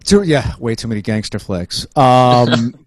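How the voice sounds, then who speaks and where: A man's voice: medium pitch, measured pace, no echo, clean studio sound. A middle-aged man from New Jersey with a New Jersey accent, hosting a casual interview, rambling and joking with many restarts. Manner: rambling, restarts often, jokey. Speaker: podcast host.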